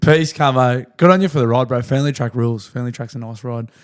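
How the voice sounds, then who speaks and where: Male co-host, relaxed, joking, casual. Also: medium pitch, fast talker, smooth. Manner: laid-back, joking, sweary. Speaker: podcast co-host. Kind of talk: casual chat.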